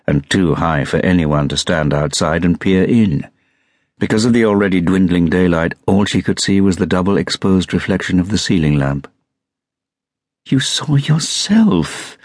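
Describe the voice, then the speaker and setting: A man reading a thriller audiobook as narrator, measured and steady. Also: rumbling low, no room sound, studio quality. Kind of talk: scripted narration.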